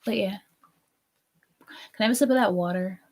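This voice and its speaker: A woman's voice: mid-range voice, moderate pace. Young american woman, sleepy voice, rambling livestream chat, off on tangents. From United States. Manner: rambling, drowsy, trails off on tangents. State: tired. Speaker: streamer co-host.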